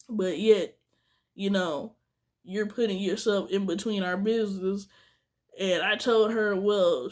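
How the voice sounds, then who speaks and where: A young woman vlogger telling a storytime rant to her viewers, candid and venting, talking straight to the camera. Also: mid-range voice.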